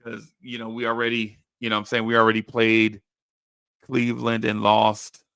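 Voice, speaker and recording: A man's voice: lowish voice, completely flat delivery, normal speed, gravelly, pushed and bright, smooth, no room sound, clean studio sound. A man hosting a casual sports podcast, talking in a laid-back, rambling way full of slang and restarts. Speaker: podcast host.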